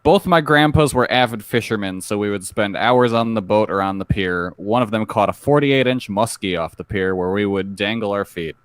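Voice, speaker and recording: A man's voice: fairly low pitch, normal speed, hardly any pauses, smooth, no echo. A man co-hosting a podcast, easygoing, reading out list items and chatting. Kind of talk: casual chat.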